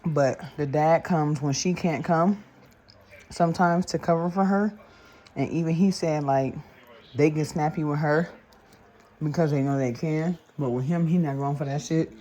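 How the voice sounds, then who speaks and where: A woman vlogging casually from her home, retelling her day in an animated, gossipy way. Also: sits low, normal speed. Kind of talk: casual chatty storytelling. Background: smooth jazz and background voices.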